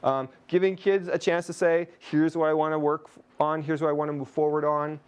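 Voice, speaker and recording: A Canadian man leads a teacher webinar over a video call, chatty and tossing jokey asides to his audience. His voice is on the high side and clean, fairly quick, with a level tone.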